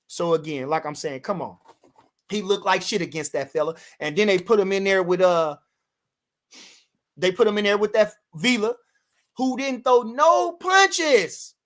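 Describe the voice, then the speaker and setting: Brash, profane male streamer, hammering points home by repetition. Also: high voice. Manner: animated, brash, profane, repeats himself for emphasis. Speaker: boxing commentator reading live chat. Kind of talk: casual livestream chat.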